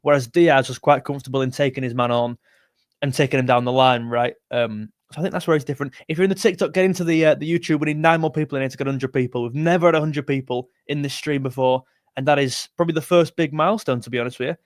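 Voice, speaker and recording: A man's voice: medium pitch, fast talker, no room sound, studio quality. A man hosting a football live stream, chatting and reading out viewer comments in a rambling, self-correcting way. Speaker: football livestream host.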